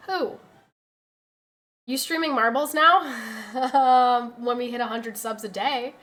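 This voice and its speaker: A woman's voice: fairly high pitch, slow pace, long pauses, sharp tone. A woman streamer chatting casually with her audience, telling exasperated stories about her pets and reading out messages from chat. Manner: chatty, exasperated storytelling, reads chat aloud.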